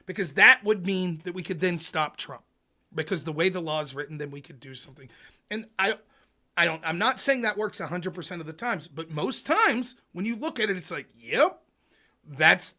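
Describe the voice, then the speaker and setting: High, bright, animated male ranter. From United States. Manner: animated, profane ranting. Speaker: livestream host. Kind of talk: casual political chat.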